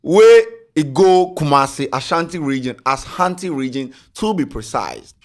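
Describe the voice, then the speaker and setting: A Ghanaian man hosting a podcast, telling a comic story in Ghanaian English with pidgin, animated and laughing, repeating words for effect. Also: fairly high pitch, normal speed. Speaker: podcast host.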